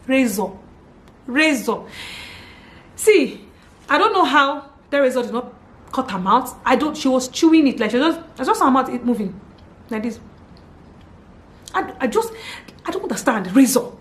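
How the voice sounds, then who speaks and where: A Nigerian woman in her thirties telling a story to her vlog audience in a casual, animated and dramatic way. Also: high-pitched, normal speed, pauses often. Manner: animated, dramatic retelling with exclamations. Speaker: vlogger. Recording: echoey room with faint background hum.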